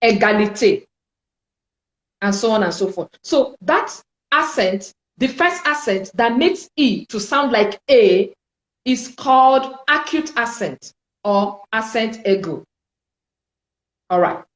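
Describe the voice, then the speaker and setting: Woman French teacher, fairly high voice, slow and deliberate delivery, echoey room. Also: lively intonation. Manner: slow, deliberate, repeats each sound for learners. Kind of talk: spoken language lesson.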